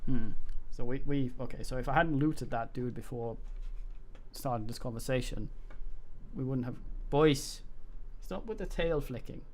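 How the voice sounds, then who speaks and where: A man's voice: mid-range voice, measured pace, a little hiss or hum. Swearing male game streamer. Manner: swearing, mocking asides. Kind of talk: casual live game commentary.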